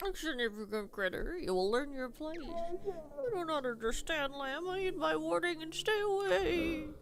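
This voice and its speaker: A woman reading aloud the lines of a menacing game boss who taunts a lamb, quietly and low. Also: lively intonation, normal speed, noisy background.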